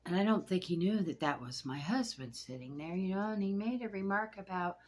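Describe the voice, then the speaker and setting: A woman telling a personal story to camera in a rambling, halting way, shaken and anxious, with hushed asides. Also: medium pitch.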